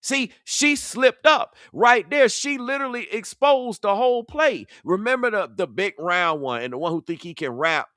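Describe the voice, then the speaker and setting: A man's voice: sits high, expressive, moderate pace, hardly any pauses, a bit bright, dry recording, clean studio sound. Confrontational man calling out rivals. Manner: confrontational, preachy, mocking. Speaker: online commentator. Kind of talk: heated reaction commentary.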